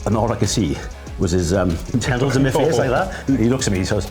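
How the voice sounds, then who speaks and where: Welsh man in his 40s, very low voice with lots of swing, chatty and self-mocking guest, music bed underneath. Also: expressive, fast talker. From Wales. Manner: self-deprecating, laughs mid-story, chatty. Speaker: podcast guest, rugby coach. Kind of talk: casual chat, anecdotes.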